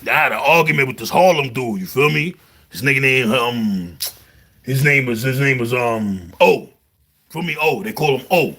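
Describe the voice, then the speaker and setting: A man with a Brooklyn accent, telling jail stories in a casual, animated monologue full of slang. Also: medium pitch, normal speed. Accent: New York, Brooklyn. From New York. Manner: animated storytelling, heavy slang, repeats "you heard". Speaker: vlogger.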